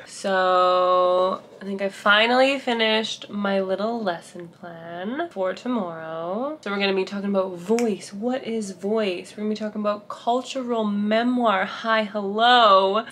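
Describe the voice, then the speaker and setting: A chatty young woman from Canada vlogging from her bedroom. She talks casually and playfully, dipping into silly put-on accents now and then. A faint background hiss sits under her mid-pitched voice. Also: a bit bright. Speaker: vlogger and writing teacher. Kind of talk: casual vlog chat. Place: bedroom at home.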